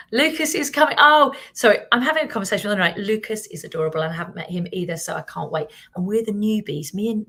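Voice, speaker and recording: Chatty fast-talking British woman. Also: on the low side, breathy edge. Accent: British English. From Britain. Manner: fast-talking, animated, chatty and self-mocking. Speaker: business coach hosting a live stream. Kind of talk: casual live-stream chat, reading out viewer comments.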